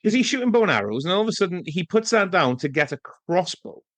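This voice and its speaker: A man's voice: high-pitched, very animated, fast, no echo. A man co-hosting a podcast, chatting casually about a film and building his points with asides. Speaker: podcast co-host. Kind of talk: casual film review chat.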